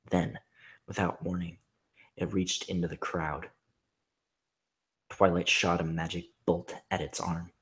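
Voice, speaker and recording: A husky man reading fan fiction aloud in hushed, half-whispered deadpan narration. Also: deep voice. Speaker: reader.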